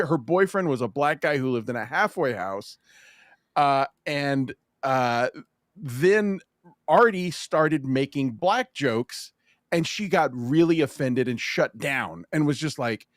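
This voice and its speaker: A man hosting a podcast, telling a story in an animated, swearing, laughing style of casual chat. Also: on the high side, slow, dry recording, clean studio sound. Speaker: podcast host.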